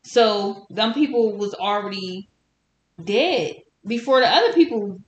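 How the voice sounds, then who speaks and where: A woman's voice: mid-range voice, muffled recording. Woman co-host, defensive rebuttals, echoey room recording. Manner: defensive, quick, pushes back. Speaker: podcast co-host. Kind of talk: casual chat. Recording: roomy with faint hiss.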